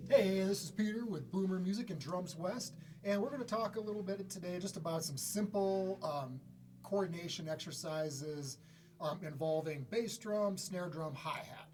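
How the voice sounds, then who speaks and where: A man giving a casual drum lesson in a relaxed, conversational way, often pausing to clear his throat. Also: slight background noise. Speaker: drum teacher. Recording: drum kit playing loudly around the talk. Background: snare, bass drum and hi-hat played by the speaker.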